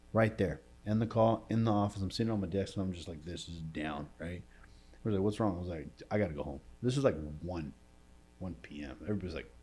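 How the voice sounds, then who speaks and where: Low-pitched male entrepreneur guest, casual slangy storyteller, gets quiet and emotional. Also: breathy edge. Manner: casual slangy talk, says bro and dude. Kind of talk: storytelling in a podcast interview.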